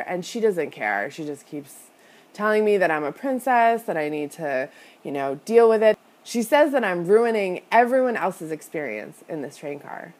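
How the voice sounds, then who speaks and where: A woman with a fairly low voice that rises and falls a great deal tells a personal story as a podcast host. Her talk is casual and chatty, packed with "like" and "you know". She speaks to her listeners directly, in a confessional tone. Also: animated, moderate pace, a little mellow. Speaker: podcast host and business coach.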